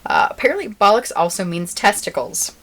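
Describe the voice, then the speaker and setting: A woman's voice: mid-range voice, very animated, brisk, fairly bright tone. A woman co-hosting a podcast in casual chat, laughing often and sharing facts she has looked up. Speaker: podcast co-host.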